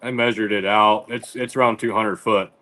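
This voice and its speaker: A man's voice: lowish voice, fairly even intonation, normal speed, sharp tone. A man in a casual chat with friends, joking in a wry, laid-back way. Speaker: podcast co-host.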